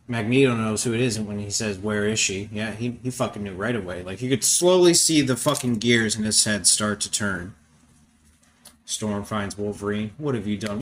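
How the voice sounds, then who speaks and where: A man's voice: fairly low pitch, a bit bright, slight background noise. A young man hosting a podcast, giving casual, rambling commentary on a film. He swears often and fills his talk with "uh" and "like". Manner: rambling, profane, with frequent fillers. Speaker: podcast host reacting to a film.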